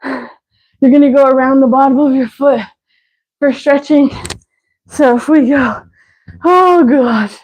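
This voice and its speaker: A woman's voice: sits high, flat delivery, a little slow, pauses often, darkish tone, highs cut off. A woman leading a live workout as fitness instructor, counting reps and cueing stretches while out of breath. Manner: counting reps, breathy and winded between cues.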